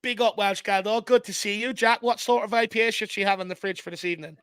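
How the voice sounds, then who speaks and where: Irish male stream host, smooth clear voice, dry close sound, chatty and upbeat. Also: high-pitched, steady tone, fast, no echo. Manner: chatty, shouting out viewers by name. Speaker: fan channel host. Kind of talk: casual live-stream chat.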